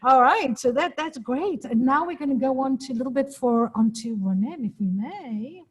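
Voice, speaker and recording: A woman's voice: sits high, animated, moderate pace, rough recording. A woman hosting a casual video-call interview, bubbly and chatty, often laughing. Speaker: interview host.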